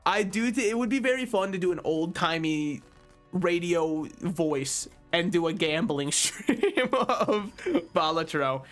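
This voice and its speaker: A man hosting a casual gameplay commentary with a slightly high voice. He jokes at the game and at himself as he plays, over a faint music bed. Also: lively intonation, unhurried, a bit bright. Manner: joking, self-deprecating, talks to the game. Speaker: gaming channel host.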